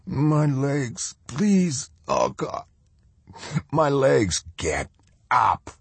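A man's voice: mid-range voice, expressive, takes it slowly, darkish tone, husky, no room sound, voice pushed up, full character voice. A man voicing a terrified, wounded male prisoner who begs in a shaky voice. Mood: begging. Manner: begging, shaky and breathless.

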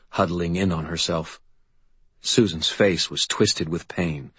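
A man narrating first-person fiction in a steady, measured delivery. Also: low-pitched, slightly rough, no room sound. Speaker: audiobook narrator.

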